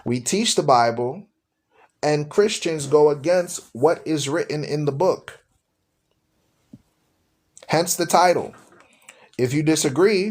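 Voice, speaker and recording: A man's voice: on the high side, takes it slowly, pauses often. Preachy man hosting a religious talk show. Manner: preachy, repetitive, addresses listeners as y'all. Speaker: radio show host. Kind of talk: live-stream religious talk.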